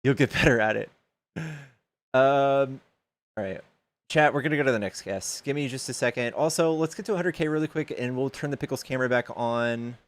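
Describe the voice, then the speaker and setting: A man of medium pitch talks fairly quickly, with no room sound audible. Hosting a live stream, he's loose and joking, swearing casually and reading donations out to his chat in a mix of casual conversation and debate.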